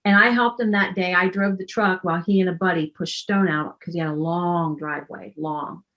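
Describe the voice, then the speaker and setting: Woman storyteller, wry and self-deprecating, lowish voice, kinda muffled recording. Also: fairly even intonation, normal speed. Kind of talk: casual personal storytelling.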